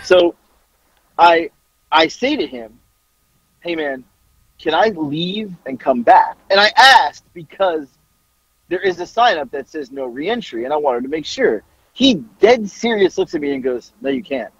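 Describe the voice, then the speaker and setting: Forty-something male podcast host, loud and foul-mouthed, slightly high husky voice, dry lo-fi sound. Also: measured pace, no room sound. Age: 40s. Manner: loud, profane, animated storyteller. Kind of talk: casual storytelling chat.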